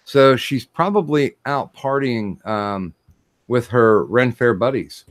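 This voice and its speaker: A man hosting a casual livestream chat, talking in a halting way with many fillers and restarts. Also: mid-range voice, dry recording, clean studio sound. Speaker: stream host.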